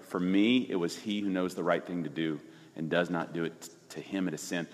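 A man in his forties, a pastor, telling a personal story in casual conversation, animated and emphatic, often restarting his sentences. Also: sits low, fairly quick, big-room sound.

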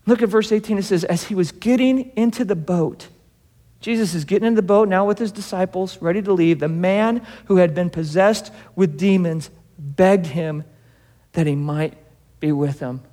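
Pastor, male, high voice, casual sermon with acted-out dialogue, reverberant hall. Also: moderate pace, mellow. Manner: conversational, acts out Bible scenes in dialogue.

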